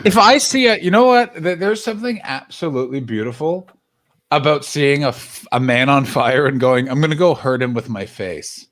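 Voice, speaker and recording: A man co-hosting a live stream in casual chat, animated and profane, laughing often. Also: mid-range voice, normal speed. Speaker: stream co-host.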